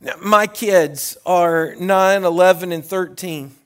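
A man preaching a sermon as a pastor, shifting between loud hollering and hushed tones and often repeating words as he restarts phrases. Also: high-pitched, slow, clear, resonant tone.

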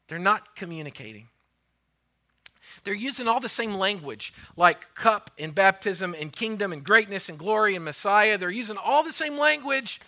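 A male pastor preaching a sermon, retelling a story with lively voices for the characters and repeating phrases for emphasis. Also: on the high side. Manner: animated storytelling, acting out the voices of biblical figures.

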